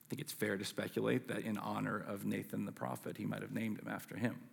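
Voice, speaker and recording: A man preaches a sermon in a loose, conversational style, often tossing in quick asides and checking in with his listeners. His voice sits on the low side, with a husky edge and a gravelly crackle. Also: level tone. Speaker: pastor.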